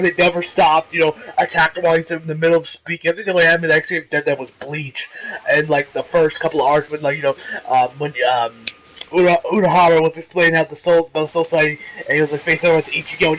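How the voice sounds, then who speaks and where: A man's voice: high-pitched, a bit bright, rough recording. A man casually reviewing an anime episode, rambling and swearing with lots of fillers. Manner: rambling, profane, many fillers.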